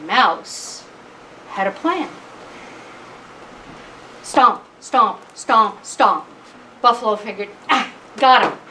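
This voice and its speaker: A woman storyteller tells a traditional tale slowly and deliberately, leaving long pauses between phrases. Her voice sits a little high and is picked up from some distance away. Faint noise hums behind her at a live event. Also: pushed and bright. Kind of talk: oral storytelling at a live concert. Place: event hall.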